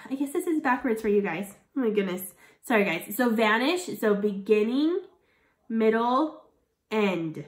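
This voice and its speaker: A woman teacher talks young learners through a phonics lesson, stretching out every sound and praising them often. Her voice sits a little high and moves all over the place. The room around her echoes noticeably. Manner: slow, sound-by-sound phonics drilling with an encouraging tone. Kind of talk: early reading lesson for children.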